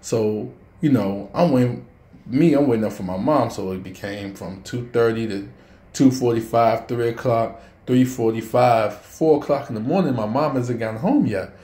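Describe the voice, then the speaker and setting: A man's voice: medium pitch, moderate pace, dark tone, reverberant. A man, telling a personal story and speaking to parents in a casual, earnest vlog. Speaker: vlogger.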